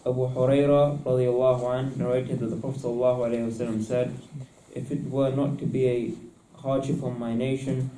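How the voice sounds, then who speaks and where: A man reading numbered points aloud from a textbook, steady and unhurried. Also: mid-range voice, roomy sound, far from the mic, slight background noise, low-quality recording.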